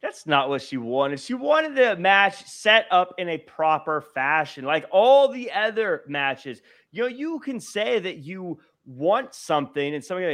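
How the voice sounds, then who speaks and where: Man with a high voice, co-hosting a podcast, animated and argumentative. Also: normal speed, few pauses. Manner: animated, argumentative, acts out quotes. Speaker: podcast co-host. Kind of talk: casual wrestling chat.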